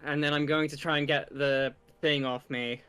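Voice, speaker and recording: A man playing a tabletop game, blunt and quick to swear. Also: fairly high pitch, flat delivery, pushed and bright, smooth. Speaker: player. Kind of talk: casual tabletop game chat.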